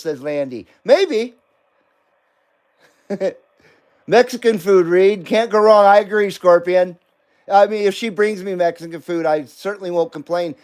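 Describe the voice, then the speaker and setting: A man's voice: high-pitched, a little slow, long pauses, darkish tone, smooth. A middle-aged man hosting a live stream, chatting casually, joking and laughing often as he reads comments.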